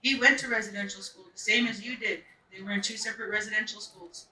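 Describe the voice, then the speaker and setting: A man with a high, very sharp and bright voice tells an earnest story, leaning on repeated phrases. He sounds set back from the microphone, and the room around him is echoey. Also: fairly even intonation, fast. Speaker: festival speaker. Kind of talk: personal storytelling talk. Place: stage at a live event. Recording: echoey, mic at a distance.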